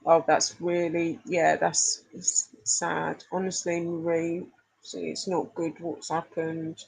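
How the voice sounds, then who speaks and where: A woman's voice: on the low side, completely flat delivery, slow pace, vocal fry, a little mellow, breathy edge, low-quality recording. A middle-aged woman hosts a casual live stream, chatting affectionately with viewers and laughing often. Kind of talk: casual live chat reading comments.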